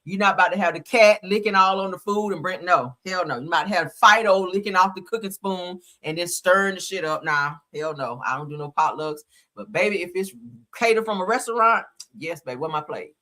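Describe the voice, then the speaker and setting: A woman hosting casual reaction commentary, chatty, laughing loudly and swearing freely as she talks to her viewers. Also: lowish voice, fairly quick. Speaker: YouTube commentary host.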